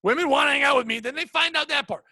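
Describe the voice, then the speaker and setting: Man, podcast host, casual chat, crude rambling storyteller, high pitch, dry sound. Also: very fast, bright, forceful tone, no echo.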